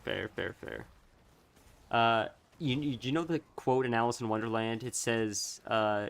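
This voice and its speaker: A man streaming a game, chatting casually, thinking out loud in a rambling way and laughing easily. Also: mid-range voice, moderate pace, gravelly. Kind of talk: casual chat while gaming.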